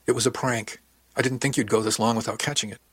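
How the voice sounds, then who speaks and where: A friendly young woman crewmate from an audiobook, lightly teasing and earnest, voiced by a man. Husky and dry, with a modest lift in pitch. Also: steady tone, fast talker, no echo. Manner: warm, teasing, then apologetic.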